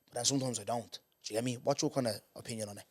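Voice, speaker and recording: Fast-talking Irish man hosting a podcast. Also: mid-range voice. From Ireland. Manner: animated, talks in quick runs with "do you get me" tags. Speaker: podcast host. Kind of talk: casual chat.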